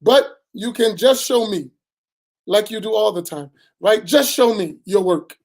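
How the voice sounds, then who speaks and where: A man's voice: sits high, a little slow. Man, imam, religious lesson, direct and admonishing, repeats "right?".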